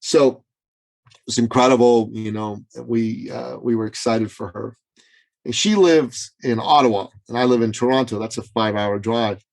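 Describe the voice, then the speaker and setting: A male business coach from Iran recounting a client's story on a remote interview. His voice sits at a middle pitch and rises sharply when he acts out other people's lines. He talks with dramatic, storytelling energy. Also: steady tone, normal speed, creaky, low-quality recording. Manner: dramatic, acts out quotes with big pitch swings. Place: Toronto. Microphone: remote call.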